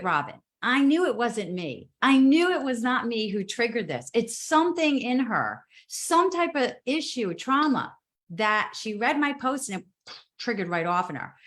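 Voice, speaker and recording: Her voice on the high side, a female guest speaker shares a story during a relaxed live video chat, lively and emphatic, slipping in quick asides.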